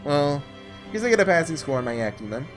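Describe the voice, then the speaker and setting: A man reading the lines of a dying young man in a quiet, low-key way, with a lively pitch. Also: fast talker, faint music behind. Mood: wry.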